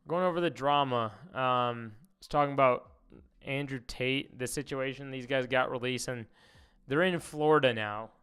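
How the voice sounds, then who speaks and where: Brief: male streamer, mid-pitched, smooth voice, rambling commentary with swearing. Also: moderate pace, a bit bright. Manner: rambling, swears, reads posts aloud. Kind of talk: casual commentary livestream.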